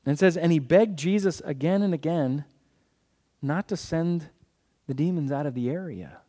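Man, guest pastor, sermon, somewhat high voice, mellow tone, asks questions and answers them, quick jokes.

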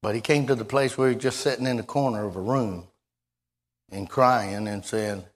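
A man's voice: lowish voice, steady tone. Folksy preacher man. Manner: folksy, halting, repeats himself, rises to sudden loud exclamations. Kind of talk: sermon.

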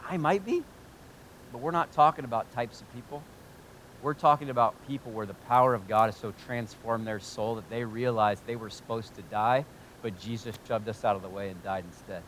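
A man preaching with a fairly high voice. He swings from quiet, close confessions to loud, rising exclamations, and at times sounds choked up with emotion. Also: normal speed. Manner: swings from hushed and intimate to loud and fervent. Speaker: pastor. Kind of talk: sermon. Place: church in Ohio.

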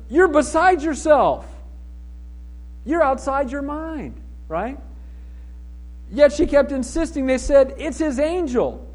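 High-voiced pastor preaching with animation. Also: male voice. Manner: animated, acts out voices of people in the story. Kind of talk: sermon.

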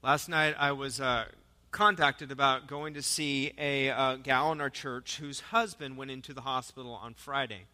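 A man's voice: medium pitch, fairly even intonation, normal speed, bright, forceful tone. A man preaching a sermon as pastor, talking conversationally and asking his listeners rhetorical questions. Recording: live sermon with long hall reverb.

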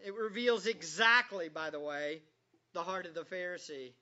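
A man's voice: high voice, normal speed, bright, forceful tone, muffled recording. A male pastor preaching a sermon in a conversational, joking way, quizzing the congregation as he goes.

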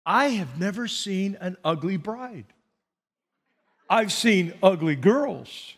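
High-voiced male preacher in a reverberant hall. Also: slow pace, husky. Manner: animated storytelling with repetitions and asides. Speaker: pastor. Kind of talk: sermon.

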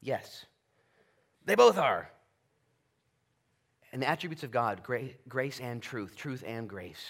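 A man preaching a conversational Bible-study sermon as pastor, animated, moving between loud emphasis and quiet asides. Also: mid-range voice, takes it slowly, gravelly, pauses often. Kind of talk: expository sermon. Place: church sanctuary.

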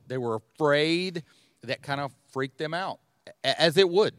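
A man hosting a podcast, explaining Bible passages in a relaxed way and thinking aloud as he goes. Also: fairly high pitch, measured pace, smooth, no room sound. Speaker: podcast host teaching the Bible. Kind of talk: conversational Bible teaching.

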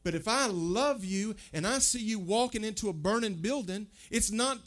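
Conversational preacher man, slightly high voice. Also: normal speed, a bit bright. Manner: conversational preaching, asks the crowd questions, stammers and repeats words. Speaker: pastor. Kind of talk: sermon.

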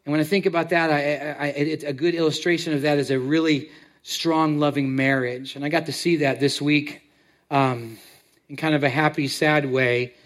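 Halting, plain-spoken male pastor preaching. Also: fairly high pitch, fairly even intonation. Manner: halting, repeats words, warm storytelling. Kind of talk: sermon. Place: church sanctuary.

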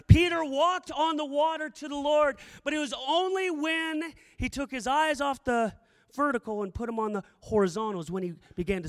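A man preaching with a strikingly high voice, moving from quiet storytelling to fervent shouted prayer. His voice rings out with a long hall reverb behind it. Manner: impassioned, swings from hushed to shouted prayer. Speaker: campus missionary preacher. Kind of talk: sermon.

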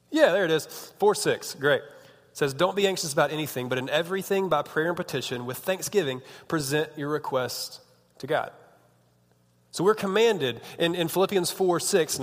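A man in his thirties giving a casual, joking sermon as a youth pastor, chatty and often breaking off mid-sentence. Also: fairly high pitch. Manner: chatty, joking, self-interrupting. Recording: long reverb of a large hall.

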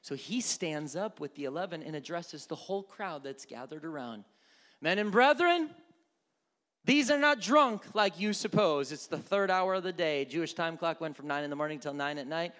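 A man preaching a sermon as pastor, animated, acting out quoted prayers and shouts. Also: a little high, fast talker, few pauses, big-room sound. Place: church.

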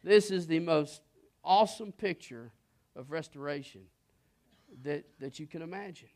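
A man's voice: on the high side, moderate pace, darkish tone. A man preaching a sermon in a folksy, conversational way, with frequent restarts. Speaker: pastor.

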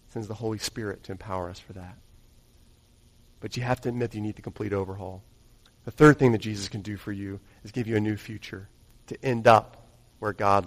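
A male pastor preaching a Sunday sermon, rising to stress points and dropping to a hushed tone. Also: mid-range voice. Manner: dynamic, swings from raised emphasis to hushed intimacy. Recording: long hall reverb.

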